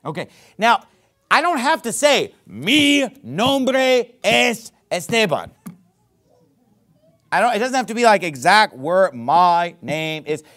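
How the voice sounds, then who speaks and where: A man's voice: high-pitched, lively intonation, normal speed, fairly bright tone. A man preaching a sermon. He teaches in an emphatic, conversational way, often checking in with "okay?" and "right?".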